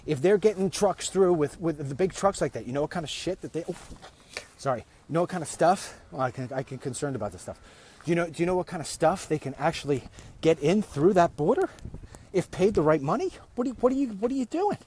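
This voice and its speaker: A man's voice: a little high, animated, quick pace, a little mellow. A man hosting a casual walk-and-talk vlog, rambling, often restarting and repeating his words as he goes. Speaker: vlog host. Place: walking outdoors.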